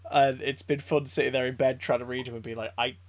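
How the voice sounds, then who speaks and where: A man chatting casually as a podcast co-host, an excitable storyteller who rambles, stammers and restarts his sentences. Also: medium pitch, fast. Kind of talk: casual chat.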